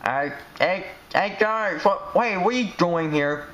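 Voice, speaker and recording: A man giving excitable, rambling commentary while he plays a game. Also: high voice, slow, slight background noise.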